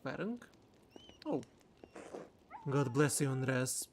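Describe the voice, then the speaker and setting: A streamer playing a narrative game, reading its text aloud and thinking out loud in a halting, casual way. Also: mid-range voice, a little hiss or hum.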